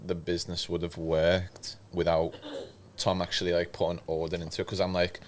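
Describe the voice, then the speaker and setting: A man talking as a guest musician on a podcast, rambling and repeating words when he gets excited. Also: low voice, normal speed, a little hiss or hum. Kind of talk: casual podcast chat.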